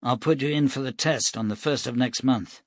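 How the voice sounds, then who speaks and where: A man's voice: mid-range voice, normal speed, no room sound, close to an everyday voice. A man voicing a tall, easygoing militia captain who explains himself at length. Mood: measured.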